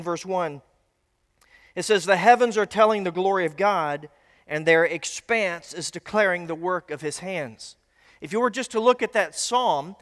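High-voiced preacher in a reverberant hall. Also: male voice, fairly bright tone. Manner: conversational, folksy with asides. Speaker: pastor. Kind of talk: sermon teaching. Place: church sanctuary.

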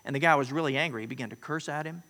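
Male pastor, fairly high voice, sermon in a church with long reverb; storytelling delivery with emphatic peaks. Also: rapid-fire, sharp tone. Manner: storytelling, rising to emphatic acted quotes.

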